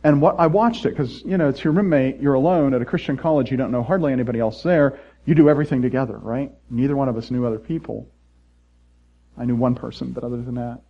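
A middle-aged man preaching a sermon as pastor, playful and animated, jumping from loud mock voices to quiet earnest asides. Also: mid-range voice, fast, muffled recording.

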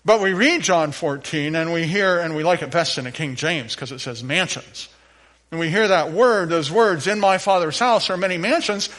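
Playful preaching man, slightly high voice. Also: moderate pace. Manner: playful, animated preaching with audience interplay. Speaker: pastor. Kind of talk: sermon. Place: church sanctuary.

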